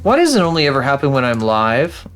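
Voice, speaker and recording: A man talks casually into a desk microphone at his home streaming setup, rambling and self-deprecating as he scolds his own programs. His voice sits at an ordinary middle pitch. Soft music plays faintly underneath. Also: wildly swooping pitch, quick pace. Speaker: live streamer. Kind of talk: casual live-stream chat.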